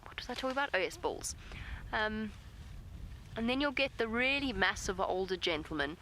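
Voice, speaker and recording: A woman safari guide giving live wildlife commentary outdoors, calm and gentle, talking softly to the animals near her vehicle and answering viewer questions. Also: mid-range voice, moderate pace, slight background noise, poor audio.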